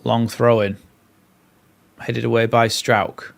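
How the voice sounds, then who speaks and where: A man's voice: mid-range voice, flat delivery, takes it slowly, gravelly. A young man hosting a live watchalong, mixing play-by-play with chatty, rambling asides. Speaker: fan channel host.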